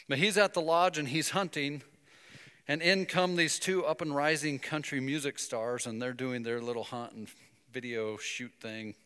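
A man preaching a sermon, telling a story and breaking into emphatic, animated bursts. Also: medium pitch, smooth, long reverb tail. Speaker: pastor.

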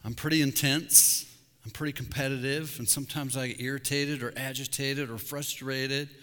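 A middle-aged man, a pastor, preaching a sermon with candid, intense confessional asides, dropping to a hush on key words. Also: mid-range voice, steady tone, moderate pace. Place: church sanctuary. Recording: long hall reverb.

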